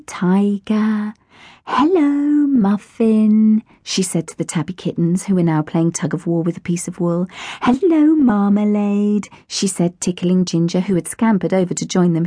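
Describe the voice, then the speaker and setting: A woman narrating a children's audiobook in a gentle, expressive storytelling voice, recorded close in a studio. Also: on the low side, husky, dry recording. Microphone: close studio microphone.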